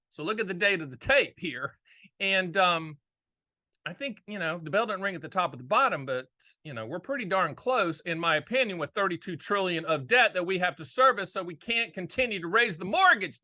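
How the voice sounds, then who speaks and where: Middle-aged Southern male host, folksy and punchy, fairly high voice, dry close recording. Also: bright, forceful tone, dry recording. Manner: folksy and emphatic, with rhetorical questions. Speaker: annuity agent and show host. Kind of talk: casual solo video talk.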